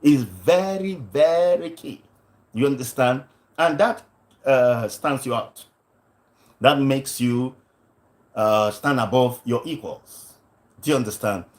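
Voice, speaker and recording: A man's voice: mid-range voice, slow, pauses often. A man coaching acting on a livestream, stressing his points, repeating lines and often asking "you understand?". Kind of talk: livestream teaching talk.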